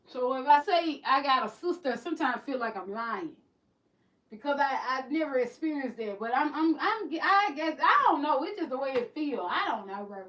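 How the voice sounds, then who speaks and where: A woman's voice: high-pitched, sing-song, moderate pace, a bit bright, low-quality recording. A woman hosting a livestream for her beauty business, talking candidly in a rambling way with many restarts. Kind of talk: casual livestream chat.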